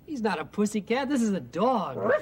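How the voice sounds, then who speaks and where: A man hosting a children's TV show, speaking in a gentle, soft-spoken and coaxing way. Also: high voice, big pitch swings, moderate pace, very noisy. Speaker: host. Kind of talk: children's TV presenting.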